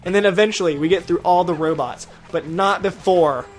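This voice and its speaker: A young woman telling a playful made-up story while playing a game with a friend. She is animated and teasing, and she throws in character voices. Faint game music sits behind her. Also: on the low side, a little fast. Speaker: let's play co-host. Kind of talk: playful storytelling over gameplay.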